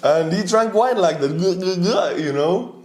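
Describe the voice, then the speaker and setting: A man's voice: high voice, lively intonation, slow, darkish tone, roomy sound. A man with an Estonian accent, rambling and chuckling as he reacts to memes. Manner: rambling, chuckling, earnest asides. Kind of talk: casual reaction commentary.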